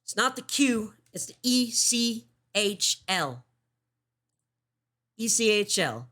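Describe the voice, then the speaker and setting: A woman's voice: fairly high pitch, very animated, takes it slowly, fairly bright tone. A woman hosting a livestream show, giving casual commentary, swearing often and restarting her sentences.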